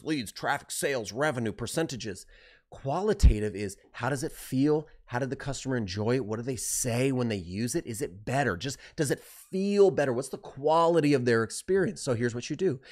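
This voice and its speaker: Male instructor, mid-range voice, rapid and keyed-up delivery, emphatic live-stream teacher. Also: mid-range voice. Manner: fast-talking and excited; emphatic, with rhetorical questions.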